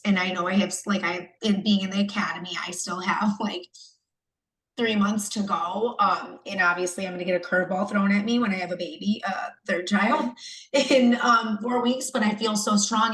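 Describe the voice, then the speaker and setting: A woman's voice: medium pitch, steady tone, normal speed, fairly bright tone. Emotional pregnant woman in a roomy echo. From United States. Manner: emotional, rambling, many fillers and restarts. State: pregnant, third trimester. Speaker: coaching client. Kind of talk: candid video-call testimonial.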